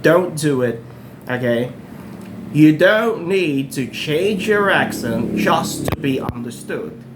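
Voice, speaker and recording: Heavy background noise surrounds this slightly high, lively voice, which moves slowly. He's a man in his thirties from the Philippines, speaking with a Filipino accent straight to the camera, earnestly urging English learners on and restating points for emphasis.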